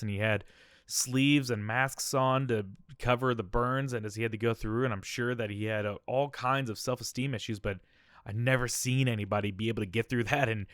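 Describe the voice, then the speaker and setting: A man's voice: mid-range voice, a bit bright, clear, resonant tone, no room sound, clean studio sound. A young man hosting a podcast, telling a candid and emotional personal story, often checking in with "all right?". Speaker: podcast host.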